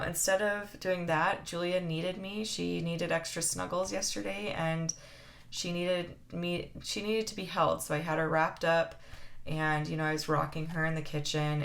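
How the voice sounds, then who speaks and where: A woman's voice: deep voice, little pitch movement, normal speed, creaky. A woman in her thirties chatting heartfelt to camera as a planner vlogger, with lots of fillers. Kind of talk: casual chat to camera.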